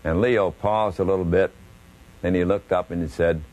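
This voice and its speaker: An older man, a baseball broadcaster, telling stories from his career at an unhurried pace. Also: low-pitched, steady tone, a little mellow, low-quality recording. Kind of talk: reminiscing storytelling.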